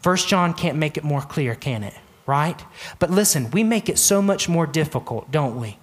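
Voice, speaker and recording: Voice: mid-range voice, animated, normal speed. A pastor preaching an earnest sermon, addressing the congregation directly and repeating key phrases for emphasis.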